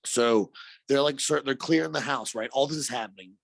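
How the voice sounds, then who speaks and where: A podcast co-host tells a wild story in a loose, chatty way, full of filler words and casual swearing. The man speaks at a middle pitch, and the sound is dry and close with no room echo. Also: a little fast, gravelly. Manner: animated, swears freely, lots of "like" and "dude".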